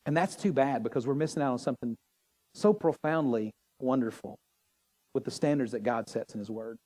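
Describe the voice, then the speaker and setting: A man preaching a sermon as pastor, animated and joking with the congregation. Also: mid-range voice, a little fast. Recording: long hall reverb.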